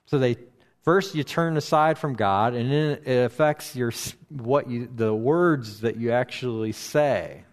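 A man teaching through a Bible passage verse by verse, speaking slowly and deliberately with frequent pauses and restarts. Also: mid-range voice. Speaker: preacher.

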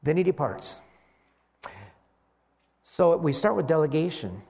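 A man's voice: on the high side, lively intonation, measured pace, vocal fry, warm tone. A man preaching a sermon in a conversational way, with rhetorical questions and frequent restarts. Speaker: pastor.

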